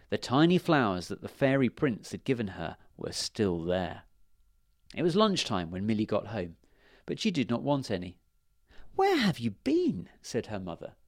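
A man reading a children's story aloud in a gentle, expressive storytelling manner. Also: lowish voice, no room sound, studio quality.

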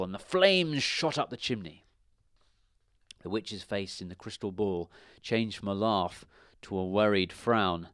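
A man reading a children's storybook aloud with expressive delivery. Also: lowish voice, a little slow, smooth, dry recording, clean studio sound.

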